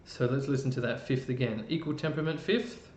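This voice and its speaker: Chatty Australian man explaining music. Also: a little fast. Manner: chatty, explains with fillers and restarts. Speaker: music presenter. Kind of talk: casual live-stream explainer. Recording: roomy dull live-stream audio with faint rumble.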